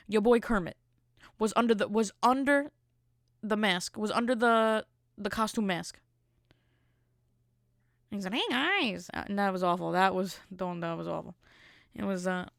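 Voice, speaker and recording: A woman's voice: medium pitch, no echo, studio quality. Exasperated rambling woman podcast host. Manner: rambling, exasperated comic rant with many fillers. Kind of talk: casual comedic chat.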